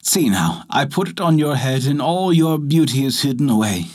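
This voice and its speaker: A man voicing a gentle dying mother in a told folktale, speaking tenderly. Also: medium pitch, animated, normal speed, pitched above the performer's own voice, close to an everyday voice.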